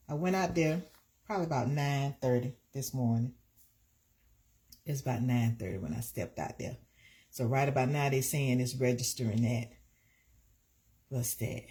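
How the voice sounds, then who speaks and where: A woman's voice: very deep voice, darkish tone, a little hiss or hum. A woman, hosting a casual live stream and chatting to viewers in a repetitive, easygoing way. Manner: chatty, repeats herself, talks to viewers by name.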